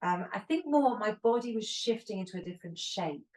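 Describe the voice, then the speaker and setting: A woman's voice: mid-range voice, lively intonation, a little fast, a little mellow. A woman in her fifties co-hosting a podcast, chatting candidly and telling long rambling stories. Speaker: podcast co-host. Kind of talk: casual chat. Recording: roomy echo, distant from the mic.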